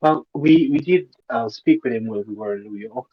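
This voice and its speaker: A man, a player in a tabletop game, speaking in a measured, halting way. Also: mid-range voice, husky. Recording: dull, dry lo-fi mic.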